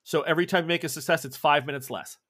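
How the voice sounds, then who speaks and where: Man with a slightly high voice, game master. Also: racing, fairly bright tone. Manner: descriptive, with restarts. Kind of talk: narrating a tabletop horror game.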